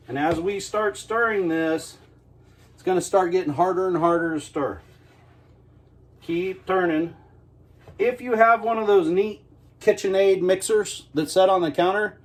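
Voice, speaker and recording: A middle-aged man with a slightly higher voice walks through a recipe in his home kitchen. He talks casually and folksily, teasing himself as he goes. It sounds like a relaxed cooking lesson at home. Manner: joking, folksy, self-mocking. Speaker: homestead cooking host.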